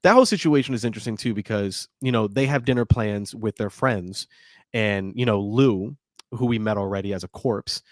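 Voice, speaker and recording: A man's voice: on the low side, fairly quick, dry recording, clean studio sound. A man co-hosting a podcast, chatting casually about a film and animatedly retelling its scenes. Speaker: podcast co-host. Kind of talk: casual movie breakdown chat.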